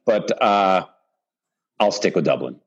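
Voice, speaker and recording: A man's voice: low voice, lively intonation, takes it slowly, vocal fry, breathy edge, lo-fi sound. A man guest in a casual chat, polite and chatty. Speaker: panel guest.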